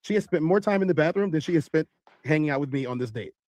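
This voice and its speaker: A man telling a long story in animated style, acting out other people's voices. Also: a little high, quick pace, no room sound. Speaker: podcast host telling a story.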